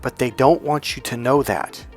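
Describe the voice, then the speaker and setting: A man's voice: mid-range voice, moderate pace, faint music behind. A man giving a motivational talk as a relationship and healing coach, speaking emphatically and leaning on stories and rhetorical questions.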